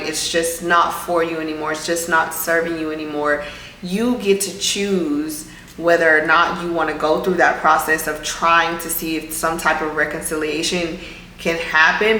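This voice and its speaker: A woman's voice: lowish voice, bright, forceful tone. A woman vlog host giving a casual, earnest motivational talk, often circling back to repeat her point. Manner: earnest, repetitive, reflective. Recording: roomy room with faint background hum.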